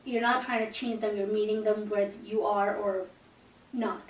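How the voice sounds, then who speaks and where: A woman's voice: mid-range voice, fairly even intonation, moderate pace. A woman hosting a podcast, talking in an earnest, reflective way. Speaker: podcast host. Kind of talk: casual podcast conversation. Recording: echoey room, distant mic.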